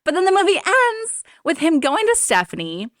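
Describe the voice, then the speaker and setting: Expressive woman retelling film scenes. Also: very high-pitched, moderate pace, no echo, clean studio sound. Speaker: podcast co-host. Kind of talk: casual film discussion.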